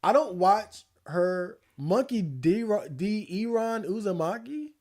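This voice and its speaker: A man streaming casual commentary, laid-back and slangy, swearing freely and laughing often, a little hoarse. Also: sits high, animated, slow, darkish tone. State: losing his voice. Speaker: streamer reacting to election night.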